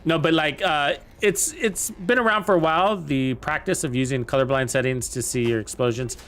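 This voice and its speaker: Chatty man with a higher voice. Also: normal speed, a bit bright. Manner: rambling, chatty, lots of fillers. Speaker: game streamer. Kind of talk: casual gameplay commentary.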